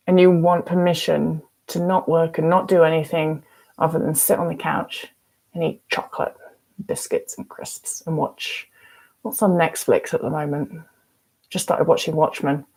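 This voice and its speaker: A woman's voice: low-pitched, gravelly, darkish tone. A woman, giving frank, emphatic advice as a recovery coach in a casual vlog and swearing freely. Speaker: eating disorder recovery coach.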